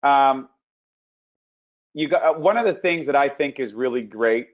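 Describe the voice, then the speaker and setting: A man in the middle of the usual pitch range coaches network marketers on a live webinar. He talks loosely, with fillers and repeated words, and punches up the sample lines he acts out. His pitch swings between low, quiet asides and high, emphatic bursts. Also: animated, a little slow. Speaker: sales coach.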